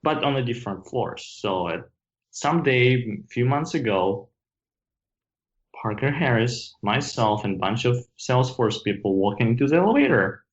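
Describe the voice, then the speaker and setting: A man with a Russian accent, a guest on a podcast, talking casually with halting restarts and dry humor. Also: mid-range voice, animated, muffled recording. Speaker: product manager guest.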